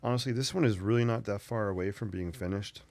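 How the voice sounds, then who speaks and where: A man's voice: fairly low pitch, fast, vocal fry, darkish tone, no room sound. A man hosting his own sketching channel, chatting casually and thinking aloud as he draws. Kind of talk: casual narration while sketching.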